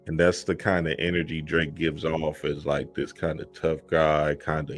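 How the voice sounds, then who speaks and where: A man's voice: a bass voice, completely flat delivery, normal speed, few pauses, soft background music. A man talking in a casual, emphatic monologue, often asking "you feel me" and acting out quoted voices. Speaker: spiritual content creator.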